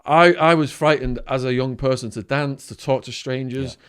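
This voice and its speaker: English male guest, mid-pitched voice, animated anecdote teller who drops to hushed asides. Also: normal speed, clean tone. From England, Widnes. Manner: animated anecdotes with swearing and sudden quiet asides. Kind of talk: storytelling in conversation.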